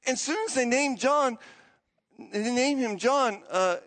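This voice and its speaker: A man preaching a sermon, telling the story with animated, excitable energy and frequent restarts. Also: extremely high pitch, measured pace, low-quality recording. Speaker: pastor.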